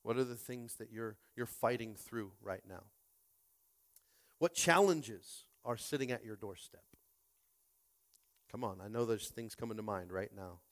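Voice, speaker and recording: A man's voice: fairly low pitch, unhurried, pauses often. A man preaching a Sunday sermon as pastor, stumbling over repeated words and rallying his listeners.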